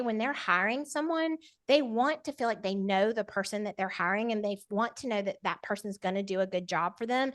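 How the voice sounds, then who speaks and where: A middle-aged woman talks on a podcast as a guest. She is energetic and persuasive, her voice sits a little high, and it comes across dry and close. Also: no room sound. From Georgia, US. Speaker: podcast guest, media consultant. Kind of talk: casual interview chat.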